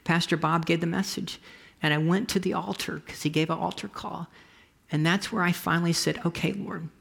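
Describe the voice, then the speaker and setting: A pastor preaching a conversational, storytelling sermon, often restarting phrases and dropping to a soft whisper for emphasis. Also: mid-range voice, gravelly, in a large hall. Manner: frequent restarts and trailing phrases.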